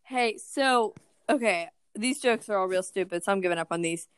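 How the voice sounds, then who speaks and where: A young woman from Maryland in casual chat, animated and opinionated, with frequent likes. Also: mid-range voice, normal speed, clean tone, no echo.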